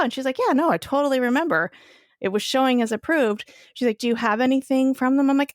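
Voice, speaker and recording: A woman co-hosting a podcast, telling a personal story in a casual, animated way and swearing freely. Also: sits high, quick pace, no room sound, clean studio sound. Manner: animated, swears freely, acts out quoted voices. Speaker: podcast co-host.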